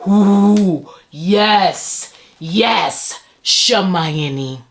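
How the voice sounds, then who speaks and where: A woman's voice: mid-range voice, lively intonation, a little slow, a bit bright. A young adult woman vlogging as she unboxes book mail, gushing with breathless exclamations and stumbling over her words. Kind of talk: excited unboxing chat.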